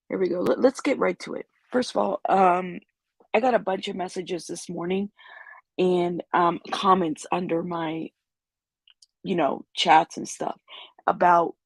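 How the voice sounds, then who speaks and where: A woman hosting a casual livestream, raspy and congested from a cold, rambling and greeting viewers in the chat. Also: fairly low pitch, dry recording. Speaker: YouTube news host.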